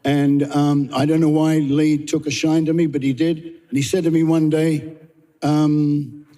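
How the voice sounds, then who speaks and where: A man's voice: fairly high pitch, level tone, measured pace, dark tone, long reverb tail. An older man from Australia, a guest actor chatting through anecdotes and chuckling as he goes. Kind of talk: casual anecdote telling.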